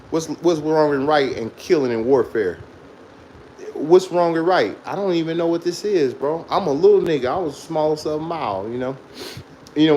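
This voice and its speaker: A man's voice: mid-range voice, a little mellow, a little hiss or hum, low-quality recording. A man casually telling a profane childhood story, laughing often as he goes. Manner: loose, profane, laughs through his story.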